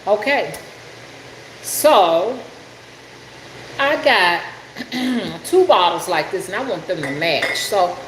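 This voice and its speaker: A woman's voice: on the low side, animated, slow pace, pauses often, fairly bright tone. An older woman chatting on a livestream, greeting viewers by name while she works with her hands. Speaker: rootworker hosting a livestream. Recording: echoey room with air conditioning noise.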